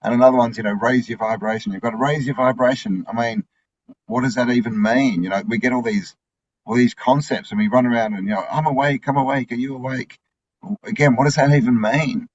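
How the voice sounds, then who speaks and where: A man's voice: medium pitch, quick pace, darkish tone, dry recording. A man co-hosting a casual spiritual chat, musing aloud with many fillers. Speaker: co-host. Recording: dull lo-fi sound.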